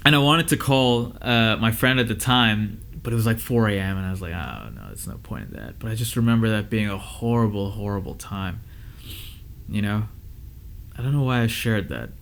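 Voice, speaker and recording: A man's voice: fairly low pitch, fairly even intonation, normal speed, a bit bright, slight background noise. A man who is a music engineer and teacher, giving casual advice and stories to his students in a loose, conversational way with lots of fillers.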